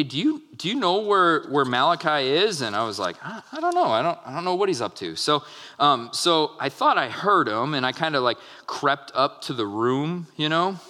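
A pastor in his thirties gives a sermon in a bright, forceful voice. He talks like he is telling a story, full of fillers and restarts. His voice carries a long reverb from a large hall. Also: fairly high pitch.

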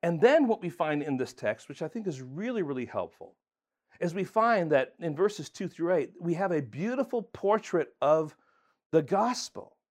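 A man's voice: a little high, very animated, moderate pace. A man preaching a sermon as pastor, earnest and emphatic, talking conversationally with fillers and restarts.

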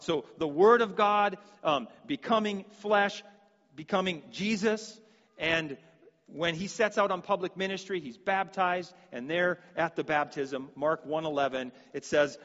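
High-voiced man preaching in a hall. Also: fairly bright tone, lo-fi sound. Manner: earnest, repeats words and restarts. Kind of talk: sermon.

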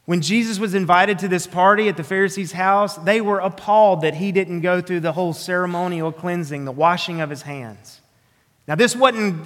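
A man's voice: high voice, fairly bright tone, long reverb tail. A man with a Southern drawl preaching an earnest, emphatic sermon, often restarting his phrases. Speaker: pastor.

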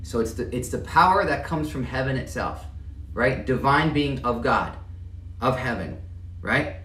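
A man's voice: mid-range voice, lively intonation, unhurried, a bit bright, reverberant, recorded from a distance. A man preaching a sermon as pastor, conversational and self-deprecating, often restarting and stammering over his words.

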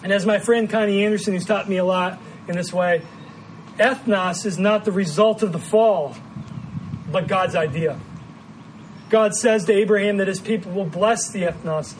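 A man from the American Midwest with a Midwestern accent, preaching an earnest, measured sermon as pastor and often repeating words as he finds his phrasing. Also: sits high, slight background noise, poor audio. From Midwestern United States.

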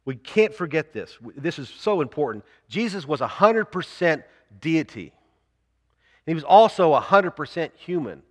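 Male pastor, earnest sermon delivery with a slightly raised pitch, reverberant sanctuary sound. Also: big pitch swings. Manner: earnest preaching, slows down to read scripture aloud.

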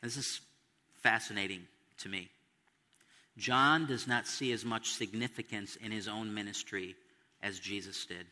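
A man's voice: fairly low pitch, steady tone, a little slow, pauses often, sharp tone, long reverb tail. A man preaching an expository sermon, stressing quotes and asking the listeners questions. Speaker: pastor.

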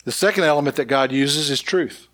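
Man preaching a sermon in a fairly high voice. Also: fairly quick, a bit bright. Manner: rhetorical questions and repeated phrases. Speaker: pastor.

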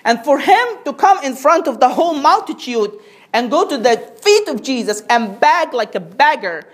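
A woman's voice: a little high, breathy edge. A woman preacher delivering a sermon, asking rhetorical questions and drawing the congregation in with call-and-response.

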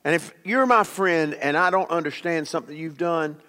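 A man preaches a sermon in a church, his voice sitting high for a man. He drives his points home by repeating key phrases with emphasis. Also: moderate pace, bright, forceful tone, clean tone. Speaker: pastor.

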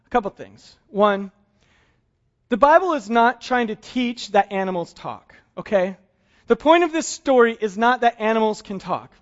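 Man, sermon, very high voice, humorous and chatty, dull lo-fi sound. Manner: humorous, conversational, chuckles often. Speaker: pastor.

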